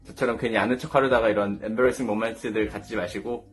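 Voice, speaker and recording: This storytime vlog features a young South Korean man with a lowish voice and steady tone, speaking English with a Korean accent at a racing pace. Soft music plays behind him as he laughs and acts out the people in his funny stories.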